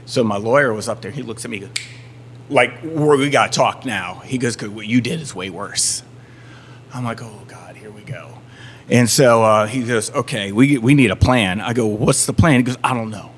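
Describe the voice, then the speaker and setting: A man's voice: mid-range voice, fairly quick, a little hiss or hum. A man in a casual podcast chat, telling a story and acting out the other people in it. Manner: animated storyteller, acts out other people's lines. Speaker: touring band musician, guest.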